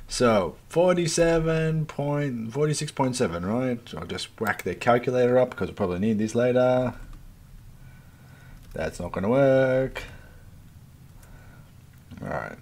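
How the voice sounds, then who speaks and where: A man talks through his gameplay in a loose, chatty way, calling his viewers folks. He swears freely and grumbles at the game under his breath, his voice sitting at an ordinary middle pitch for a man. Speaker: let's play host. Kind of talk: casual gameplay commentary.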